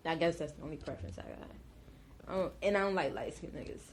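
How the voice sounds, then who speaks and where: A woman talking candidly as an interview guest, drawing out her words to cover a slight lisp. Her voice sits a little low, with faint background noise. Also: animated, fast. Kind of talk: casual candid chat.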